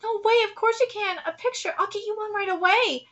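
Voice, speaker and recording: A woman's voice: very high-pitched, fairly quick, fairly bright tone, muffled recording. A woman streamer reading manga aloud and reacting live, emotional and near tears, with laughing asides.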